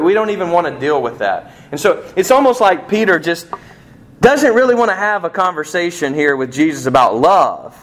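A man preaching a sermon in a conversational way, asking rhetorical questions and acting out quoted lines, slowing down to stress key points. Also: on the high side. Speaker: pastor.

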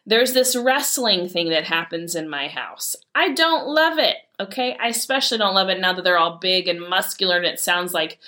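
A woman, telling heartfelt family stories in an earnest, animated way as a mother. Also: lowish voice, normal speed, hardly any pauses. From Michigan, USA. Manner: earnest, heartfelt, animated retelling with quoted dialogue. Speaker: mother sharing a personal story. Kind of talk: personal storytelling talk.

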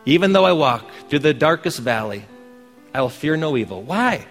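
A man's voice: a little high, big pitch swings, moderate pace, a bit bright, long reverb tail, soft background music. A man preaching a sermon as pastor, earnest, pressing his points with emphatic questions.

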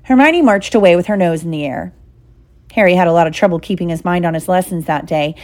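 Warm, low-pitched woman reading a storybook. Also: fast talker. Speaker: audiobook reader. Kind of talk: storybook narration.

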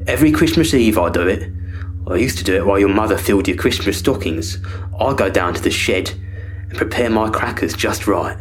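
Man reading a guilty father, stammering, low, halting confession, guitar behind. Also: expressive, a little hiss or hum, close to an everyday voice. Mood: confessing. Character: guilty middle-aged father, hesitant and broken. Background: guitar music.

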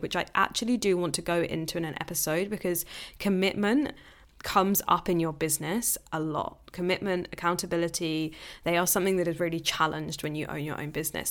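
A young woman hosting her own podcast, talking candidly in a casual monologue and laughing often. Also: fairly low pitch. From England. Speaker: podcast host.

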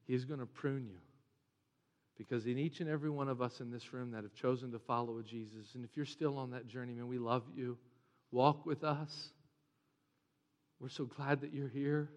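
A man preaching a sermon as pastor, animated and joking, sometimes mimicking whiny voices. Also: medium pitch. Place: church sanctuary. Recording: long reverb of a large hall.

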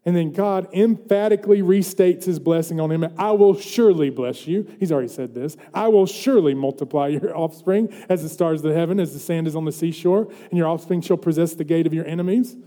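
A man's voice: on the high side, a little fast, few pauses, dark tone. A man preaching a sermon as pastor, earnest and building to emphatic questions. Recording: long hall reverb.

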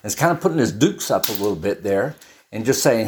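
A man's voice: mid-range voice, expressive, moderate pace. A man preaching in a chatty, storytelling way, often restarting and adding asides as he explains a Bible passage. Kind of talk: conversational Bible teaching.

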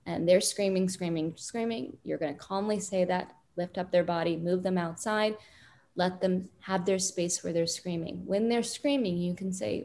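A woman parenting expert calmly explaining advice in an interview, with many fillers. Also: lowish voice, gravelly. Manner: calm, deliberate, frequent fillers.

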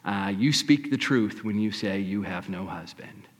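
A preacher voicing a calm, knowing male prophet with steady, measured declarations. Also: fairly low pitch, big-room sound, pitched below the performer's own voice. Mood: solemn. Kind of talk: preacher acting out a scripture scene.

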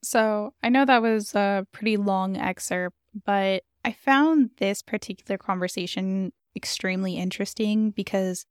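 A woman's voice: medium pitch, smooth, no echo, studio quality. A woman hosting a book discussion, talking in a thoughtful, earnest way. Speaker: book reviewer host. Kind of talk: reading aloud and discussing a book.

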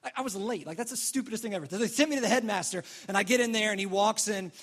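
A young man delivers a sermon in a fairly high voice. He tells the story in an animated way and acts out how each person reacts as he goes. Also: quick pace. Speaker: pastor.

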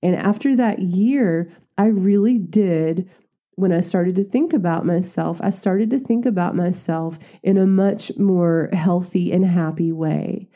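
A woman talks through a motivational story in a loose, chatty way, her voice a little low and very mellow. She keeps leaping up into bright squeals as she acts out her own past lines. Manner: chatty, animated storytelling that jumps into high squeals when acting herself out. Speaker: coach and mentor. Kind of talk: casual motivational talk.

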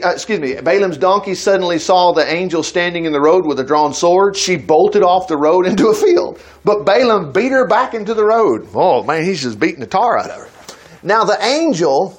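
A man's voice: sits high, expressive, moderate pace. A man preaching a sermon at a church service, retelling a Bible story with folksy asides and laughter.

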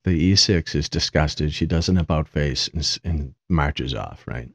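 A man's voice: extremely low pitch, measured pace, no echo. A middle-aged man, a podcast host, tells a rambling, amused story about himself in a casual way. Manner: amused, rambling, self-mocking. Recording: dull, dry lo-fi sound.

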